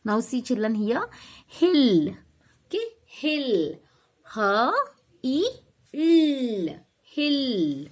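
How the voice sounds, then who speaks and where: A woman leads a phonics lesson for young children. She speaks slowly and sounds out each letter and word with care. Her fairly high voice rises and falls in a lively sing-song. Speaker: teacher.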